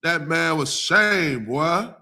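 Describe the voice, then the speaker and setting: Man, scripture reading and sermon commentary, slow, deliberate reading, slangy asides, forceful bright tone, fairly high voice. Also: animated, gravelly. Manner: slow, drawn-out reading alternating with loose, laughing street-slang commentary. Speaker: teacher reading scripture to a class.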